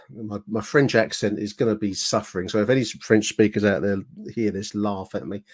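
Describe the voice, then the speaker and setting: A man's voice: lowish voice, steady tone, normal speed, darkish tone. A man hosting a podcast, chatting casually and laughing often. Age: 60s. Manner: chatty, laughs often, fumbles foreign words. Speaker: podcast host. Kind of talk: casual chat.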